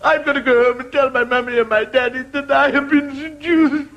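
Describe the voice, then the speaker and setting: Man doing a hysterical weeping girl in falsetto, comic monologue. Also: fairly even intonation, brisk, dull audio. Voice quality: shrill wailing falsetto. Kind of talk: stand-up monologue. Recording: loud background noise.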